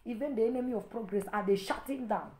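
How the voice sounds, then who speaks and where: A woman's voice: fairly high pitch, fast, reverberant. A woman preacher delivering an impassioned sermon, repeating her points and rising into stern warnings. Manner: exhorting, repetitive, rising to stern loud warnings.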